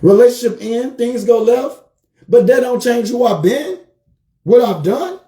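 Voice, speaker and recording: A man giving a motivational livestream talk as a life coach, telling stories with animated energy and repeating his phrases for emphasis. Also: very high voice, unhurried, roomy sound.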